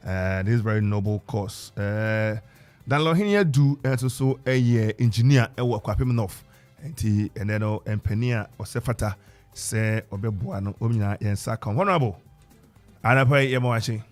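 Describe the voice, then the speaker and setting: A man's voice: fairly low pitch, moderate pace, soft background music. A man with a Ghanaian accent hosting a live radio talk show in a studio, running through a long list of guests with many fillers and restarts. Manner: rambling, filler-heavy roll call of guests. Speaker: radio host.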